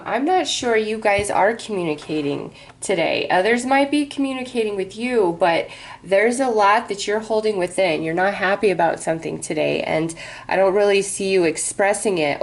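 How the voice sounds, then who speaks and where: Low-voiced chatty woman reading tarot. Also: poor audio. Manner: chatty, reassuring, many fillers and asides. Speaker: tarot reader. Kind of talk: daily tarot reading to camera.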